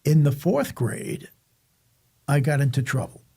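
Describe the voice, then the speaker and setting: A man's voice: a little high, big pitch swings, measured pace, vocal fry, mellow, breathy edge. An older man from Staten Island, New York, telling a rambling story about his childhood in casual chat, often stopping and restarting. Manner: rambling, self-interrupting storyteller. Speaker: podcast guest telling a life story.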